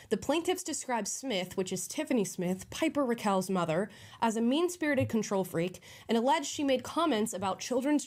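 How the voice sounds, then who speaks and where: A woman narrates a commentary video in a measured, scripted way, reading out headlines and quotes. Her voice sits at an average pitch for a woman. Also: a little mellow. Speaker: online commentator.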